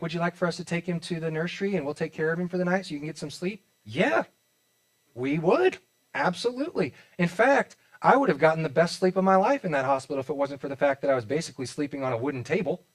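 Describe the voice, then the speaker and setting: Joking Midwestern pastor, fairly high voice. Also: male voice. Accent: Midwestern American. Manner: conversational and joking, with many restarts and acted-out quotes. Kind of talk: sermon. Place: church auditorium.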